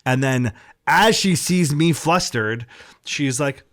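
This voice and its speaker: A man's voice: a little high, slow pace, no echo, studio quality. A man co-hosting a podcast, a stand-up comic telling candid, profane stories in casual chat.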